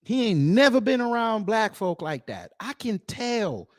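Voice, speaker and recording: A man's voice: sits high, big pitch swings, a little slow, no echo, studio quality. A man from the United States giving a reaction commentary, incredulous and mocking as he talks. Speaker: YouTube commentator.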